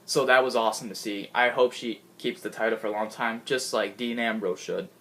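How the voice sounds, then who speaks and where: A man giving an excitable, gushing casual recap of a show he watched, laughing often and restarting his sentences. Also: on the low side, fairly quick. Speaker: wrestling fan recapping a show.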